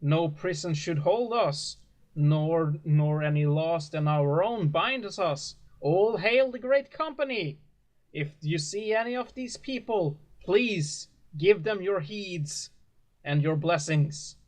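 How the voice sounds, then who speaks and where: Guy doing a pompous cult preacher, high and slow, all grand sermon talk. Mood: preaching. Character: pompous preacher of a company cult, male, middle-aged.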